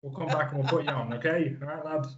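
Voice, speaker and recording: A man's voice: a little high, fast talker, muffled recording, voice pushed up, lightly acted. A man doing an impression of a matey older male wrestling promoter who reassures a young lad and repeats himself. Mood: reassuring.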